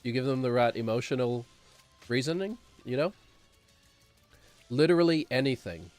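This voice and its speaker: A man's voice: mid-range voice, animated, fairly quick, darkish tone, soft background music. A man streaming a game, rambling and sarcastic, chuckling as he talks. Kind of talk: casual gameplay commentary.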